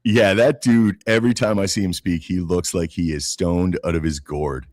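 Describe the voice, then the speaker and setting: A man's voice: sits low, fairly even intonation, moderate pace, a little mellow, no room sound, clean studio sound. A man from Canada co-hosting a casual political podcast, talking bluntly and swearing freely, often restarting his sentences. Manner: blunt, profane, repeats words when starting. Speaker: podcast co-host.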